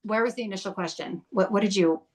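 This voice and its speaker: A woman's voice: medium pitch, fast. A woman speaking as a podcast guest, telling her recovery story in a blunt, fiery way full of swearing.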